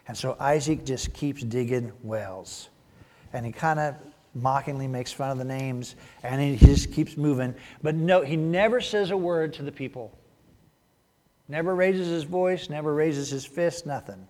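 A man preaching a sermon, telling the story in an animated way that swings from loud bursts to hushed asides. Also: mid-range voice, measured pace. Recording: long hall reverb.

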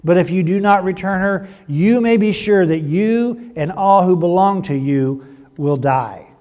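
God warning sternly, read by a man, measured, high voice, long reverb. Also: animated, darkish tone. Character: God speaking sternly in a dream.

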